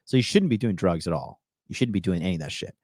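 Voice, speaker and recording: A man's voice: sits low, expressive, fast talker, darkish tone, dry recording, studio quality. A man hosting a reaction commentary, talking bluntly and scolding, often repeating a phrase several times for emphasis. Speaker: host of a dating advice channel.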